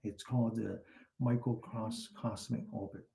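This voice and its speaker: Man, meditation teacher, mellow warm tone, gentle slow instructions, chatty asides. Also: lowish voice, steady tone, vocal fry, slight background noise. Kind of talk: guided exercise and anecdote in a class.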